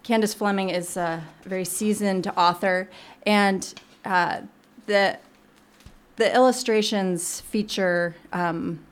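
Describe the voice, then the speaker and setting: A woman children's librarian speaking as a guest on a radio show, explaining picture books gently with frequent ums. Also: medium pitch, steady tone, slow pace, smooth. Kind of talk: casual radio interview, reading aloud.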